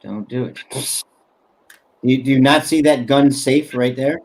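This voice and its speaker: A man's voice: medium pitch, a little slow, darkish tone, a little hiss or hum. A man co-hosting a casual group stream, teasing and ribbing the others. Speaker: podcast co-host.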